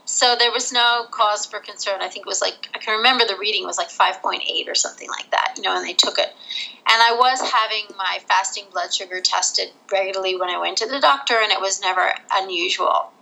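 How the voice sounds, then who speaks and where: Guest: middle-aged woman from Australia, candid storyteller, bright tone with gravel. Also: mid-range voice, fairly quick, low-quality recording. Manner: candid, animated, laughs through the hard parts. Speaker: interview guest. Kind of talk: casual storytelling.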